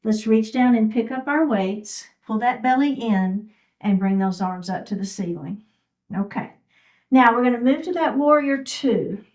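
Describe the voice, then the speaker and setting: A woman's voice: a little high, expressive, moderate pace, darkish tone, poor audio. A woman teaching a chair yoga class, giving encouraging step-by-step cues for each move. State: a little out of breath. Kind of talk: guided fitness class instruction.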